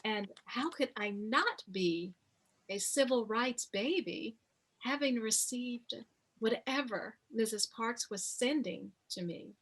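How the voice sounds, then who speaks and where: Woman, 50s, author in an interview; husky, unhurried storyteller. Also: a little high, animated, a bit bright. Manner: slow, reflective storytelling with many pauses. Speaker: author interviewed about her memoir.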